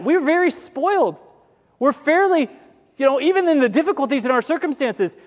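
A man with a strikingly high voice preaches a sermon in a loose, conversational way, full of jokes and asides. He slows down and lifts his voice when he reads scripture aloud. The sound carries a long reverb, as if it were recorded in a large sanctuary. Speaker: pastor.

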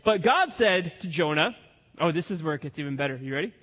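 A male pastor delivers a sermon with lots of energy and acts out the people in the story as he goes. His voice sits high and moves all over the place. It carries a long reverb, like a big church hall. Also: a little fast. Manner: animated, acts out the characters' lines.

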